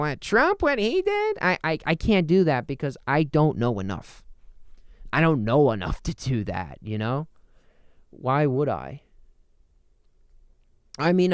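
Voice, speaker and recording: Rambling, jokey young podcast host. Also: male voice, medium pitch, clean tone, no room sound, studio quality. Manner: rambling, jokey, self-interrupting. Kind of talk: solo comedic podcast monologue.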